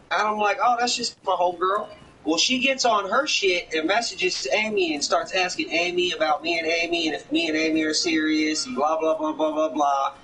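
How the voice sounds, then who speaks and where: A man's voice: high voice, sharp tone, distant mic, slight background noise, low-quality recording. A man telling a rambling, heavily profane story in casual talk, often acting out other people's words. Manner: rambling, swears often, acts out others' lines.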